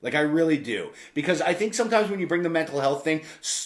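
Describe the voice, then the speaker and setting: A man's voice: fairly high pitch, lively intonation, brisk, few pauses. A man in his forties, a podcast host, telling a candid personal story in a casual, conversational way with frequent asides and casual swearing.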